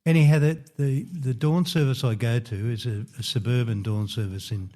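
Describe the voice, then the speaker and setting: A man's voice: mid-range voice, normal speed, warm tone. An older Australian man, a radio guest, talking reflectively and a little hesitantly in a casual interview.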